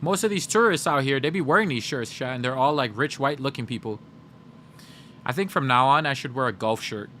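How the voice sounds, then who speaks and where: A man's voice: medium pitch, fairly quick, fairly bright tone, a little hiss or hum. A male game streamer in casual livestream chat, joking and chatty as he reads chat aloud.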